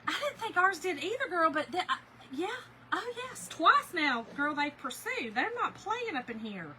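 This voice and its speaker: A woman hosting a crafting livestream, chatting with viewers in an animated, storytelling way while she works. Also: very high voice, normal speed, a little hiss or hum, low-quality recording. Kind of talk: casual chat while crafting, reading viewer comments.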